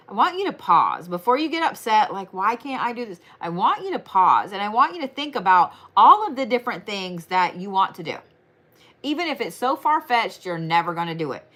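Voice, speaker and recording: A young woman giving a casual astrology tarot reading, talking fast, blunt and swearing freely. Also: medium pitch, bright, forceful tone. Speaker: tarot reader.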